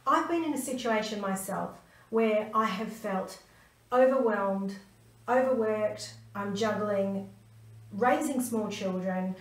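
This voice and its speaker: A woman, a stress management coach telling a personal story to camera in an earnest, emphatic way. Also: mid-range voice. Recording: roomy, mic at a distance.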